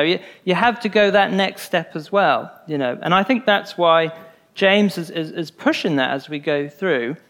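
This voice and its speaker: A man preaching in a relaxed, conversational way, with a voice sitting a little high for a man. He is earnest and informal, often circling back on a phrase or tucking in a "you know" as he works through a point. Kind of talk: conversational sermon.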